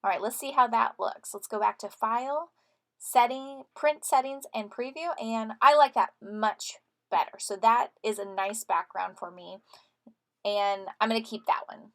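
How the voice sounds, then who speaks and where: A woman teacher talks students through a computer task one click at a time, in a friendly and encouraging way. Her voice sits a little higher than most, and she sounds relaxed as she narrates a screen-recorded tutorial. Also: normal speed. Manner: friendly step-by-step instructions to students.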